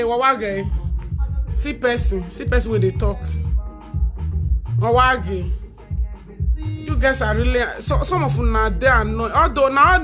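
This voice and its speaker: A woman speaking Nigerian Pidgin English, mocking and taunting in a loud, laughing, sing-song rant. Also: fairly high pitch. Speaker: social media commentator. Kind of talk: mocking live-stream rant.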